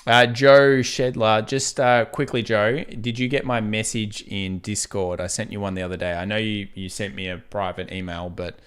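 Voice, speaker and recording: A relaxed young Australian man hosts a live market stream, talking in a casual, chatty way and laughing easily. His voice sits a little on the low side, and his Australian accent is plain to hear. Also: normal speed, few pauses, clear, resonant tone. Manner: chatty, laid-back, laughs easily while reading chat. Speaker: trading livestream host.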